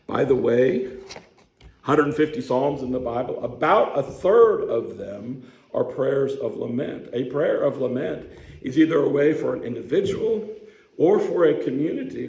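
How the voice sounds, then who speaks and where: A male pastor gives a sermon in a conversational storytelling style and often asks the congregation questions. His voice is gravelly and sits at a middle pitch. The church room has a clear echo. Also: a little mellow. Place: church sanctuary.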